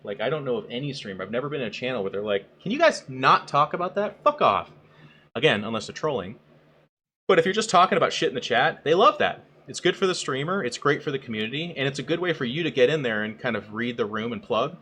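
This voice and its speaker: A man's voice: mid-range voice, quick pace, slight background noise. A man co-hosting a casual chat podcast, talking bluntly with lots of swearing and acting out quoted people. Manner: blunt, profane, animated, acts out quotes in raised voice. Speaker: podcast co-host and streamer.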